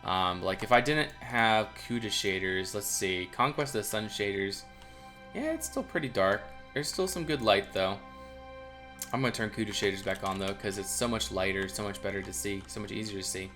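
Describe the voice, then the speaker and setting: A man's voice: lowish voice, expressive, moderate pace, over music. A young man casually commenting on a video game build, rambling with many fillers and restarts. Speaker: build reviewer.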